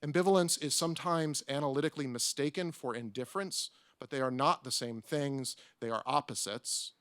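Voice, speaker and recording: A man's voice: medium pitch, fairly quick, fairly bright tone, no echo, clean studio sound. A man, an academic panelist, reading a prepared talk aloud with wry, self-mocking asides. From United States. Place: conference room.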